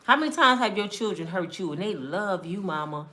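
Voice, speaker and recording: A woman's voice: mid-range voice, lively intonation, fairly quick, bright, forceful tone. A woman, giving an emphatic, conversational talk about relationships as a mentor. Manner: emphatic, conversational street-preacher delivery with acted quotes. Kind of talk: preachy monologue to camera.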